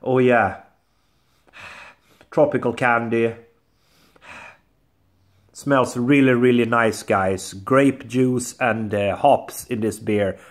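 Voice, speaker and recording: A man's voice: mid-range voice, fairly even intonation, takes it slowly, long pauses. A man hosting a casual beer review vlog, chatty and talking to viewers as guys, often saying "I would say". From Sweden. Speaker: beer reviewer, channel host.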